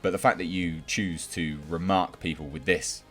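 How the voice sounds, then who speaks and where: A man's voice: deep voice, steady tone, moderate pace, a bit bright, soft background music. A man giving a sarcastic, exasperated ranting commentary, mocking what he reads out. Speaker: YouTube film commentator.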